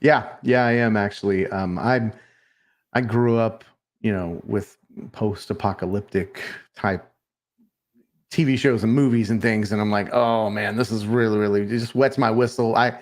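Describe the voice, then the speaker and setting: A man in his forties from Texas chats as a podcast guest. He sounds friendly and a bit hesitant, pausing with fillers as he goes. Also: lowish voice, fairly even intonation. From Texas, USA. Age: 40s. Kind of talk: casual chat.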